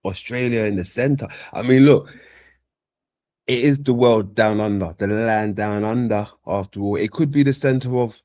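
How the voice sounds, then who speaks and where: A man co-hosting a livestream in a relaxed, teasing way, often chuckling. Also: lowish voice, normal speed, dry recording. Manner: laid-back, teasing, laughs often. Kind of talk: casual livestream chat. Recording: dull, dry remote audio.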